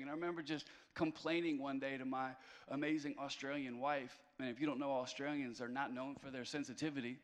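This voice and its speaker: A man's voice: mid-range voice, steady tone, fairly quick, fairly bright tone, big-room sound. A man preaching a conversational sermon as a pastor, mixing self-deprecating humor into his message.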